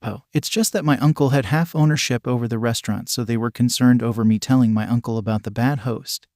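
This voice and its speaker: A man voicing a calm, soft-spoken teenage boy who hides a dark family secret, in a fan fiction audiobook. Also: medium pitch, fast, no echo, studio quality, natural voice. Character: teen boy, polite secret villain heir.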